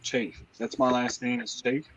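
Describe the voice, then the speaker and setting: A man's voice: medium pitch, little pitch movement, unhurried, a bit bright, husky, dull audio. A man with a Newfoundland accent joining a casual group livestream chat over a video call, teasing and laughing easily.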